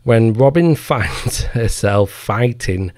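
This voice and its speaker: A man's voice: mid-range voice, animated, slow, darkish tone, dry recording, clean studio sound. A man hosting his own podcast, delivering a heated, profane rant with mocking asides. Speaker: podcast host. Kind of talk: casual solo podcast rant.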